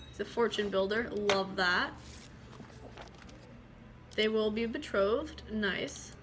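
A woman's voice: mid-range voice, a bit bright, a little hiss or hum. A woman giving casual gameplay commentary, chatty, swearing freely and reading game text aloud. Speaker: gaming video creator.

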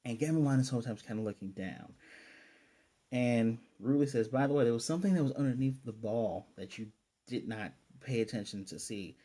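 A man casually reviewing an anime episode on his own channel, rambling enthusiastically and quoting characters in quick asides. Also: mid-range voice, dark tone, husky. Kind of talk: casual solo video review.

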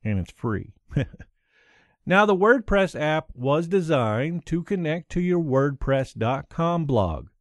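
A man's voice: fairly high pitch, sing-song, takes it slowly, dry recording, clean studio sound. A man hosting a solo podcast, upbeat and chuckling between points. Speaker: podcast host.

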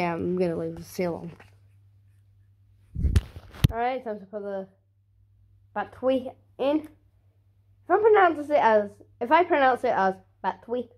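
A woman's voice: mid-range voice, darkish tone. A woman unboxing a new phone for her vlog, talking casually with sarcastic, grumbling asides. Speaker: vlogger.

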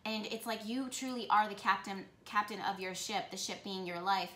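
A woman giving a tarot reading for her channel, talking with excitement and often breaking off to correct herself. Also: medium pitch, moderate pace, roomy sound. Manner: excited, rambling, self-correcting. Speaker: tarot reader.

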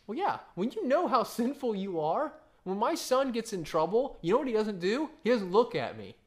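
In a high, sing-song voice at a moderate pace, a pastor in his thirties tells stories through a conversational sermon. He regularly checks in with listeners by asking "right?".

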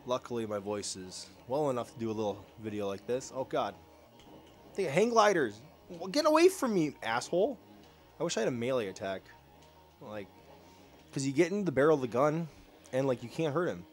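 A young man hosting a casual let's-play, sarcastic and excitable, slightly ill and clearing his throat. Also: mid-range voice, brisk. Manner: sarcastic, reacting excitedly to gameplay. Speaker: gaming channel host. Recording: faint game music behind.

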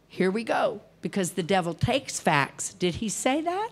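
A woman's voice: mid-range voice, sing-song, unhurried. A woman in her sixties preaching an evening sermon in a folksy, emphatic way, acting out the voices she quotes.

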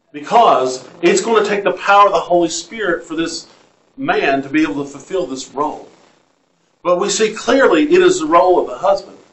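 In an echoey church sanctuary, a pastor with a Southern US accent delivers an interactive sermon, reading scripture aloud and asking the congregation questions. His voice is fairly high-pitched and a bit bright.

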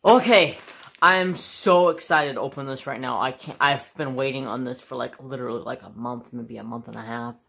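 A woman's voice: rumbling low, brisk, vocal fry, fairly bright tone. A woman hosting a casual craft-channel unboxing vlog at home. She gushes and exclaims again and again, and talks to her dog between remarks. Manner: gushing, exclaims over and over; chats to her dog while talking.

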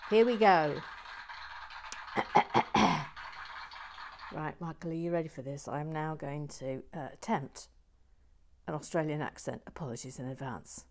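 A woman's voice: low-pitched, a little slow, pauses often, slight background noise. A woman hosting a casual building stream, chatting in a self-deprecating, exclamatory way. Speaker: LEGO building stream host. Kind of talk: casual chat while building.

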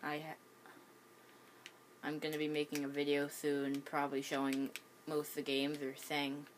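A woman's voice: deep voice, completely flat delivery, normal speed, a little hiss or hum. A woman with the hiccups giving casual gameplay commentary at home, hesitant, with many ums and restarts. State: has the hiccups. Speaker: gaming channel host.

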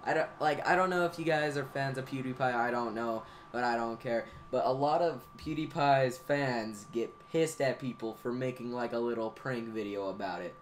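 A teenage boy talking through his channel's history in a rambling, profane, excitable way, as a gaming YouTuber looking back. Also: medium pitch, normal speed, few pauses, slight background noise. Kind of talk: casual anniversary vlog monologue.

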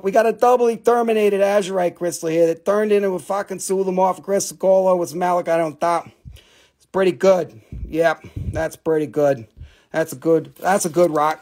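A man runs a live mineral sale, cracking jokes and swearing as he rambles. His voice sits high with a gravelly fry. He comes across as a self-mocking jokester. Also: darkish tone. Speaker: live-stream mineral seller. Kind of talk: joking live sales banter.

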